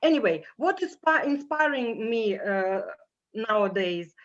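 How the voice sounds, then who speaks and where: Slow halting woman, strong Russian accent. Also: a little high, lively intonation. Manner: slow, halting, many fillers. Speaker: panel guest. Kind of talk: video call panel chat. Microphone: video call. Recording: dull lo-fi video call audio.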